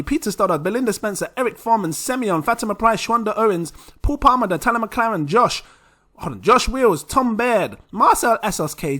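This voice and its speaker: A young man hosting a casual crypto vlog, chatty and excitable, laughing often. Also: high voice. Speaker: crypto channel host.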